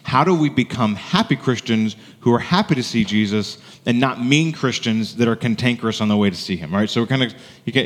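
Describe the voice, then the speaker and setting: A man preaching a Sunday sermon in a relaxed, conversational way, often checking in with his listeners with "right?". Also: fairly low pitch. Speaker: pastor. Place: church sanctuary. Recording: long hall reverb.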